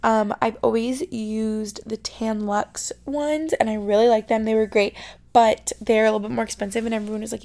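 A young woman from New York State chatting casually as a podcast host, full of "like" fillers and sometimes dropping into soft, whispery asides. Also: a little high, vocal fry. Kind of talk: casual chat. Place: her bedroom.

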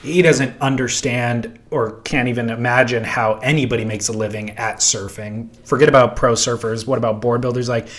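A man's voice: mid-range voice, steady tone, normal speed, hardly any pauses, fairly bright tone. A man co-hosting a casual podcast chat in a laid-back way, full of "like" and "you know". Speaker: podcast co-host.

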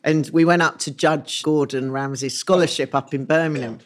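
A woman co-hosting a podcast in casual chat, telling animated stories and laughing often. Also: low voice, moderate pace. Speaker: podcast co-host.

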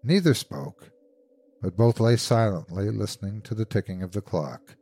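A man hosting a horror podcast, narrating a classic ghost story in a measured, suspenseful way. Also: lowish voice, expressive, warm tone.

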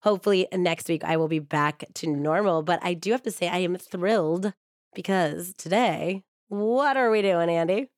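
A woman hosting a true crime podcast, her voice husky and a touch hoarse from a cold. She sits a little low in her range and talks with chatty warmth before settling into a steady narrating read. The studio sound is close and dry. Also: dry recording. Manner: upbeat and chatty, with a measured storytelling read.

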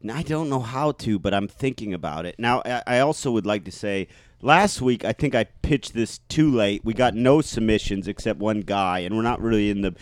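Smooth-voiced man chatting on a podcast. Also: on the low side, moderate pace, no room sound, clean studio sound. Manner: rambling, hesitant, many fillers. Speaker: podcast co-host. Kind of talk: casual podcast chat.

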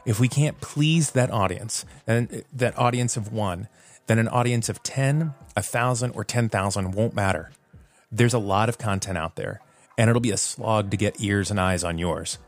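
A man's voice: fairly low pitch, moderate pace, soft background music. A man hosting a solo podcast in a casual, self-deprecating way, laughing at himself and using plenty of fillers. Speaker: podcast host.

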